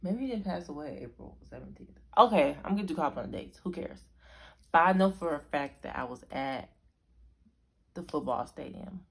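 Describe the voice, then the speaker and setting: A woman's voice: deep voice, animated, moderate pace, gravelly, husky. A young woman from Arizona telling a story to camera in a rambling, chatty way that keeps correcting itself. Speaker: vlogger.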